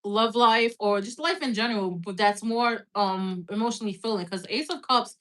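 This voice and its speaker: This tarot reader is a woman with a medium-pitched, somewhat bright voice at normal speed, doing a casual live-stream reading while hiccuping. She's blunt and chatty, cursing freely and filling gaps with "like."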